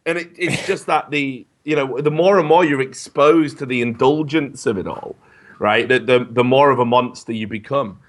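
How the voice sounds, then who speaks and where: A man co-hosting a podcast, talking in a rambling way with stammered restarts and animated stories. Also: mid-range voice, normal speed. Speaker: podcast co-host. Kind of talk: casual podcast chat.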